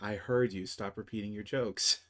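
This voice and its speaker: A man's voice: fairly low pitch, fairly even intonation, moderate pace, a crowd in the background. Casual, cursing man running a game. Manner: casual and profane, with many fillers. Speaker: game master. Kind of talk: narrating a tabletop game.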